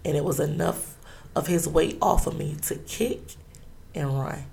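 A woman telling a personal story in an interview, halting and earnest, with many pauses and restarts. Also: low voice, fairly even intonation, gravelly, darkish tone, a little hiss or hum.

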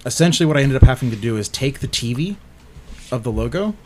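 A young man co-hosting a podcast, explaining things in a relaxed, rambling way. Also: mid-range voice, fast, a little hiss or hum. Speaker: podcast host. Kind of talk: casual chat.

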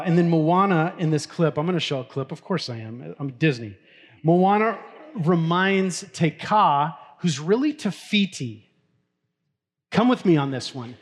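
A middle-aged man, a pastor, preaching a sermon in a casual, story-telling way and laughing now and then. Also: a little high. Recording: long hall reverb.

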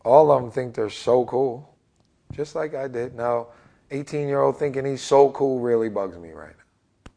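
A man's voice: measured pace, gravelly. A man in his forties, a basketball head coach, telling stories in an interview and acting out what people say with big jumps in his voice. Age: 40s. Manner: animated, acts out quotes with big pitch jumps. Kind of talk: energetic interview storytelling.

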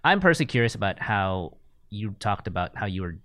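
Male podcast host from the US: deep, relaxed storyteller, dry close mic. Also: fast, no room sound. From United States. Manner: laid-back storyteller, says dude, laughs often. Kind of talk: casual interview chat.

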